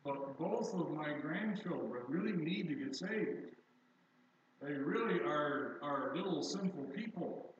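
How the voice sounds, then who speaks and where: An older man preaches to his congregation in a loose, chatty way, telling stories with a dry, self-deprecating humor. His voice sits at a middle pitch and comes from a distance in a big, very echoey church. The sound is dull and muffled. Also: slight background noise. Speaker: pastor. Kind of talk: sermon. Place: church sanctuary.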